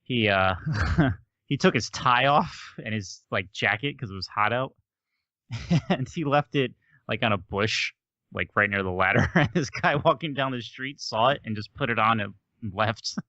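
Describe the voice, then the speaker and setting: A man's voice: mid-range voice, unhurried, pushed and bright, dry recording, highs cut off. A man co-hosting a podcast, telling a funny story in casual chat and laughing often. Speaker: podcast co-host.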